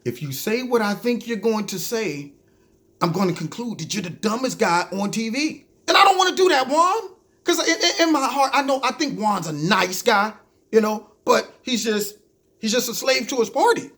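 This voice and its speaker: Host guy going off on a rant, high voice that jumps all over, mocking and animated. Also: normal speed. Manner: animated, mocking, talks to listeners as "y'all". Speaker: show host. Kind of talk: ranting political commentary.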